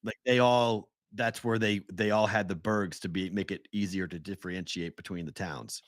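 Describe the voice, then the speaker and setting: A man's voice: deep voice, fairly even intonation, moderate pace, no echo, clean studio sound. A man with a Boston-area accent, co-hosting a sports talk show in casual chat, often laughing as he spells out town names. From Merrimack Valley, Massachusetts.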